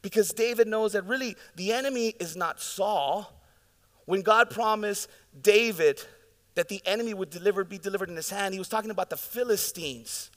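A man preaching a sermon as pastor, telling the story in a lively, casual way and acting out the scenes. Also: high voice, normal speed. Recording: long reverb of a large hall.

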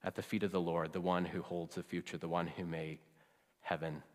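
A man preaching a sermon as pastor, conversational, often trailing off soft and low at the ends of phrases. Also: flat delivery, fairly quick, in a large hall.

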